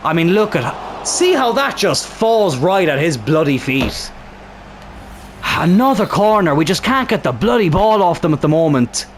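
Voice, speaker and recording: Swearing at the screen and full of excitement, a young man narrates the football video game he's playing, his throat sounding strained. He speaks a little slowly in a high-pitched voice over faint background noise.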